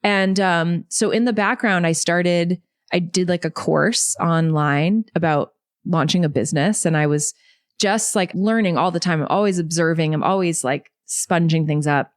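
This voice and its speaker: Low-voiced woman telling her story. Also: dry recording, clean studio sound. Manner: animated, quick storytelling with many likes and you knows. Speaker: podcast guest. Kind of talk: storytelling in an interview.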